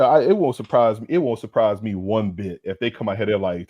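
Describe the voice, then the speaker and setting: Man, low voice, dry close sound, slangy comedic sports rant host. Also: moderate pace, no room sound, dull audio. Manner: animated, slangy, preachy mock lecture. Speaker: podcast co-host.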